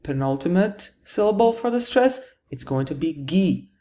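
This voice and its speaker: A woman's voice: medium pitch, animated, moderate pace, mellow. A woman teaching a grammar lesson, patiently explaining rules and answering her own questions. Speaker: Italian teacher.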